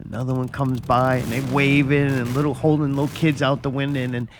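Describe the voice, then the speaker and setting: A man's voice: mid-range voice, level tone, quick pace, slight background noise. A man hosting a casual talk show, telling a rambling story and swearing freely. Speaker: podcast host. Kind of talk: casual profane chat.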